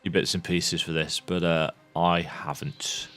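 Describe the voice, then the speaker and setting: A man's voice: low voice, flat delivery, a little slow, fairly bright tone. A man chatting his way through a video game, thinking aloud and reading game text as he plays. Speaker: video game let's-player. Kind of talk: casual gameplay commentary.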